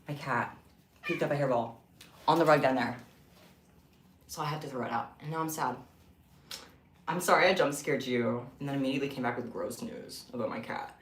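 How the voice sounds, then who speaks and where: A young man chatting casually on a home craft livestream, expressive and rambling. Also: a little high, a little hiss or hum. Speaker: craft streamer. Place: room at home. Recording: echoey room.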